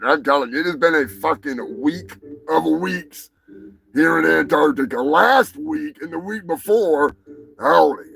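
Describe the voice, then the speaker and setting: A man hosting a live show, ranting crudely and swearing constantly, with bursts of shouting. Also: on the high side, a little slow, vocal fry. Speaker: show host. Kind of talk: profane live-stream rant.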